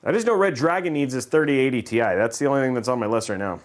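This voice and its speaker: A man's voice: mid-range voice, fast talker, faint music behind. A man hosting a livestream, chatting casually in a rambling, joking way and laughing often. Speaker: livestream host.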